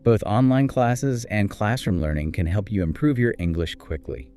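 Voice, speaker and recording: A man co-hosting a scripted English speaking lesson, with clear, encouraging teacher delivery. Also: on the low side, animated, moderate pace, warm tone. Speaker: co-host of an English speaking course.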